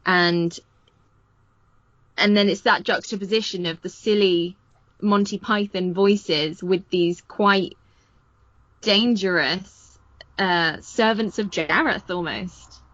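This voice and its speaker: A woman co-hosting a film podcast, speaking in a measured, musing way as she searches for words. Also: medium pitch, a bit bright, no room sound, highs cut off. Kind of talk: casual chat.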